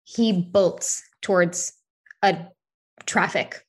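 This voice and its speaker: A woman's voice: fairly low pitch, very slow, slightly rough. A woman in her thirties telling a personal story in casual podcast chat, candid, swearing freely and leaning on "like" fillers. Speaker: podcast co-host.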